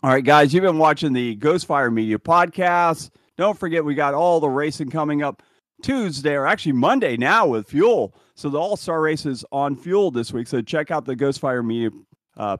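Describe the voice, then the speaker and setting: A man hosting a casual podcast, his voice fairly high and swinging widely in pitch as he tells a story. He laughs in the middle of his sentences, and the sound is dry and close to the microphone. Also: normal speed, no room sound. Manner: animated storyteller, laughs while talking. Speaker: podcast host. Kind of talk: casual chat.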